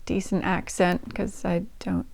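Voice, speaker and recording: Her voice is on the low side, creaky and a little mellow, with little pitch movement and a slightly slow delivery. She hosts a channel where she reads old diaries, chatting casually and self-deprecatingly to camera with frequent ums and restarts. There's a little hiss or hum.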